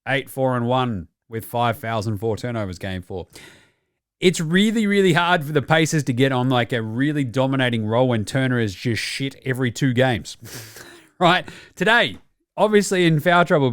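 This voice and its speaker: A man's voice: medium pitch, smooth, no echo, clean studio sound. A man giving casual, profane sports commentary as a podcast host, sarcastic and acting out mock quotes. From Australia. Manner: sarcastic, swears freely, acts out mock quotes.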